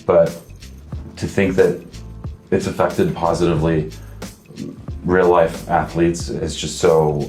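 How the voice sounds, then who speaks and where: A man with a very low, deep voice talks easily about his work, thoughtful and unhurried, circling back on his own phrases. He is from Canada. The sound is roomy, with a soft bed of music behind him. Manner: relaxed, thoughtful, restarts his sentences. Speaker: actor. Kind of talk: casual talk to camera.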